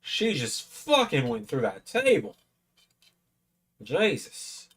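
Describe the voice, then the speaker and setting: A man's voice: mid-range voice, wildly swooping pitch, slow pace, a bit bright, breathy edge. A tipsy man hosting a live watch-along stream, rambling and swearing a lot as he comments. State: tipsy from drinking. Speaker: stream host.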